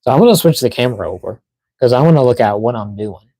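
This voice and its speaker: A man's voice: mid-range voice, expressive, quick pace, mellow, no echo, low-quality recording. A man chatting casually to himself while unboxing toys on a live stream, muttering as he fiddles with the packaging. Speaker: toy collector streamer.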